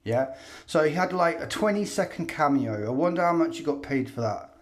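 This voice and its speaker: A man's voice: a little high, animated, brisk. A man giving sarcastic, mocking commentary over video footage.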